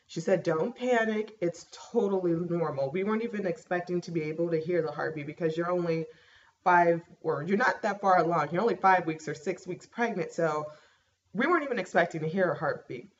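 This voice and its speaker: A young woman in a casual home vlog, chatting through a pregnancy update with plenty of fillers and lively storytelling. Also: on the low side, a little fast. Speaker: vlogger. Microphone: laptop webcam mic. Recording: dull laptop mic with faint hiss.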